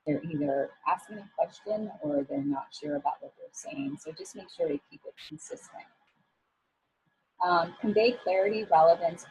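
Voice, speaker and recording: A woman with a lowish, gravelly voice coaches listeners on workplace communication in a relaxed, encouraging talk. Her tone is mellow and dark, and she often pauses on fillers. Faint noise sits under the recording. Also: poor audio. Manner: casual and encouraging, with frequent fillers. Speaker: image coach. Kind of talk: professional development talk.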